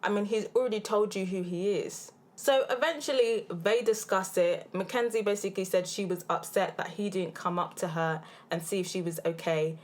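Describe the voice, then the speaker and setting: A woman's voice: mid-range voice, moderate pace, hardly any pauses. Blunt, slangy British woman recapping reality TV. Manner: blunt, animated, slangy, exasperated at the cast. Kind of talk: casual opinionated TV recap. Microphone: handheld field recorder.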